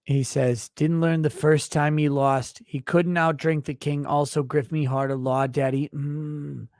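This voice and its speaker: A man's voice: a little high, flat delivery, measured pace, a little mellow, dry recording, studio quality. Brash, profane man hosting a livestream. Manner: brash, profane, mock-indignant ranting. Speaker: livestream host reading super chats. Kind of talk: crude comedic livestream banter.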